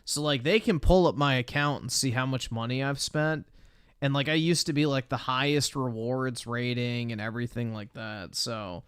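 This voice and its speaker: Profane streamer with a smooth, dry voice. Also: male voice, medium pitch, normal speed, a bit bright, dry recording. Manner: blunt, profane, rambling. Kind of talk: casual reaction commentary.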